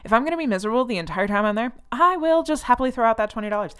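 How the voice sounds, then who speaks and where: A woman in her thirties hosting a podcast, talking on her own in a casual, sarcastic and animated way. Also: on the high side, racing, clear, resonant tone. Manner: animated, sarcastic, mocking put-on voices for quotes. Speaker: podcast host. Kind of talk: casual solo commentary.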